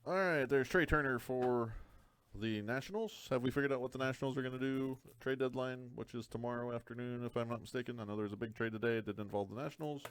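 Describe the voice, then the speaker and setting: A man's voice: mid-range voice, quick pace, clean tone, dry recording. A man hosting a live card break, talking through each card with dry joking asides.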